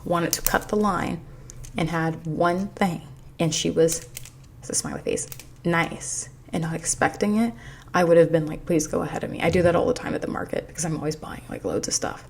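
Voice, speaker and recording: A woman's voice: on the low side, a little mellow, slight background noise. A woman vlogger telling a storytime in a rambling, chatty way, full of fillers, recorded on a desk mic in her apartment. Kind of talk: casual storytime chat. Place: apartment in a noisy city.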